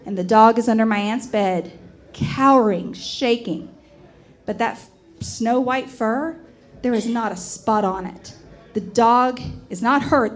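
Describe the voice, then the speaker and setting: A woman with a fairly high voice tells a spooky true story from her own childhood, lively and emphatic. She draws out the eerie details, slowing her words for effect. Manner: animated, emphatic, with dramatic slowdowns. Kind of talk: personal storytelling performance.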